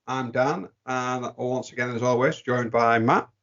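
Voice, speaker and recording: A man hosts a casual podcast in an upbeat, teasing way. His voice sits in a middle pitch. The recording sounds a bit dull and lo-fi. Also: unhurried. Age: 30s. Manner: upbeat, teasing, lively intros. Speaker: podcast co-host. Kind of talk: casual chat.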